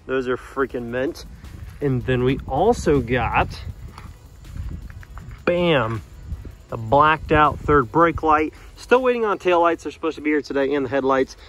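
A man casually talking about his pickup truck, animated and slangy, addressing his viewers directly. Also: mid-range voice, measured pace, long pauses. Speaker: truck vlogger. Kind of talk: casual vlog talk.

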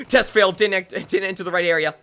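A young man streaming a video game live, excitable and self-deprecating, talking to his chat as he plays. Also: high voice, moderate pace, soft background music. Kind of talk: live gameplay commentary.

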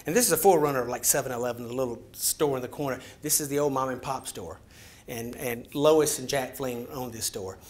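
A storyteller from Georgia, USA, gives a lecture, animatedly acting out scenes and dropping to whispers. His mid-range voice moves at a brisk pace.

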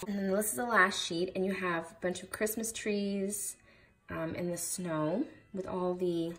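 A woman's voice: on the low side, steady tone, a little slow, a bit bright, a little hiss or hum. A young woman showing off craft supplies in a casual vlog, gushing over each item with lots of fillers. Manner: gushing, enthusiastic, many fillers. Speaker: craft vlogger. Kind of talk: casual haul video chat.

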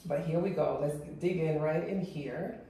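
A woman with a Jamaican accent hosting a casual home cooking vlog, chatty and excitable as she talks to her viewers. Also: deep voice, a little slow, slight background noise. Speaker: cooking channel host. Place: home kitchen. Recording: very echoey room, mic far off.

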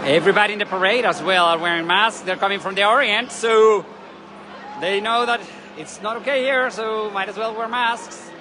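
A travel vlogger, a woman, gives excitable live commentary at a street parade outdoors and shouts out greetings and names. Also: medium pitch, moderate pace. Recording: outdoor crowd noise. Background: cheering crowd and street noise.

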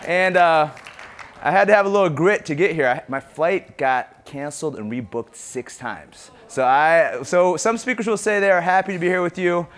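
A middle-aged man from Ethiopia giving a conference keynote speech, energetic and talking straight to the audience. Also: fairly high pitch, moderate pace. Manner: energetic, engages the audience directly. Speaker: keynote speaker. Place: conference hall.

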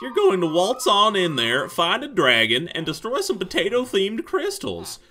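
Pompous game potato man, done by a man in a put-on accent; formal, theatrical, bright, lively pitch. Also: moderate pace, faint music behind, full character voice. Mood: grand.

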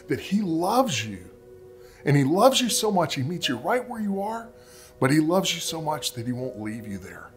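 A man in his forties preaching a sermon, telling family stories and ending in prayer, acting out quotes in a higher voice. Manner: storytelling, acts out quotes in a higher voice. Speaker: pastor.

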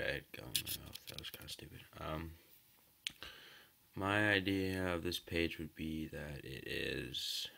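A man thinks aloud while testing a website, reading each question and then answering in loose, hesitant casual chat. His voice sits extremely low and carries a gravelly fry. Despite the depth, his tone comes across bright and forward. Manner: casual, hesitant, many ums and likes. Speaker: website tester.

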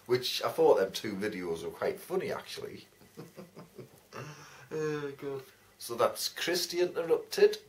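A man's voice: fairly low pitch, fairly bright tone. A man chatting casually to camera as a vlogger, laughing often and swearing freely. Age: adult, writing a second novel. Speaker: vlogger giving shout-outs.

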